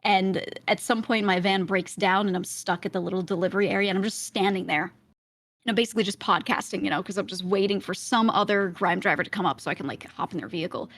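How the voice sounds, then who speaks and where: A woman's voice: mid-range voice, a bit bright, no room sound, studio quality. A woman guest on a podcast, telling a long story in casual chat with frequent laughs. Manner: chatty storyteller, quick laughs.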